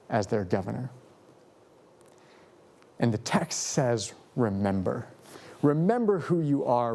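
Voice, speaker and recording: A male pastor tells a story during his sermon, speaking slowly with lively pitch and dramatic pauses in a true storyteller's manner.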